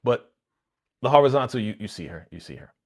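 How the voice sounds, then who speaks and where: A man hosting a casual livestream reaction, retelling an episode in slangy, animated storytelling. His pitch rises and falls widely as he quotes the characters. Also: fairly quick. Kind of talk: casual live reaction chat.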